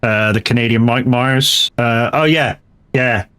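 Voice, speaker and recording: A male live streamer with a medium-pitched, unhurried voice chats loosely as he plays. His tone is sharp, clear and resonant. He rambles between topics, drops casual swear words and keeps restarting his sentences.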